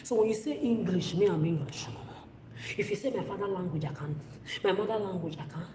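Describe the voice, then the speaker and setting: A woman's voice: medium pitch, brisk. A woman from Africa, ranting to camera as a vlogger. She talks bluntly and angrily, swears freely and often stumbles and restarts her sentences. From West Africa. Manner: angry, blunt and profane, with repetitive restarts. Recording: echoey room with loud background noise.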